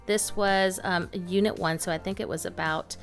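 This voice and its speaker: A woman co-hosting a casual curriculum review, talking in a chatty, lively way with frequent fillers. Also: lowish voice, normal speed, soft background music. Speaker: homeschooling mom and channel co-host.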